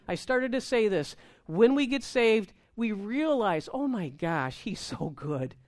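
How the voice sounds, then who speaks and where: A woman preaching a sermon in an animated, amped-up way, acting out prayers and laughing with the congregation. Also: a little high.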